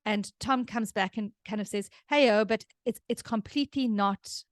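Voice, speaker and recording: A woman's voice: medium pitch, steady tone, moderate pace, no room sound, studio quality. Chatty South African woman explaining. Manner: chatty, explanatory, laughs easily. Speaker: podcast host, parenting expert. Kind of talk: casual advice chat.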